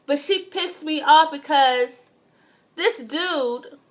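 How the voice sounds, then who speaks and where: A woman's voice: sits high, slow pace. A young woman, giving a casual, indignant TV review and swearing freely. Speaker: vlogger.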